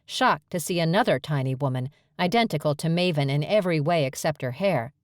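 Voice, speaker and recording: A woman with a low voice narrates a first-person romance audiobook in a clear, steady manner. The recording is dry and close, with no room sound. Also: moderate pace, no echo.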